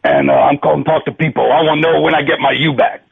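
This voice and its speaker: A man calling in on the phone and doing an impression of a gruff male football coach with a gravelly, raspy drawl. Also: a little high, fairly even intonation, fast, no room sound, heavily acted. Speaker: caller. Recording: phone line.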